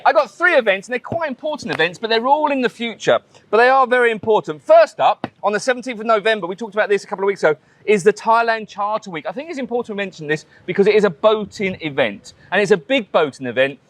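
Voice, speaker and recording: A man's voice: sits high, expressive, fast talker, hardly any pauses, no echo. A man co-hosting a casual local news show, rambling and self-deprecating. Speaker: co-host.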